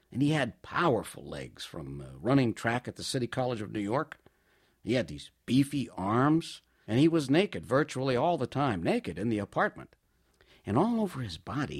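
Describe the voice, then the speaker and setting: A man performing a comic storytelling monologue in an animated, wry, mock-grand way. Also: mid-range voice, husky.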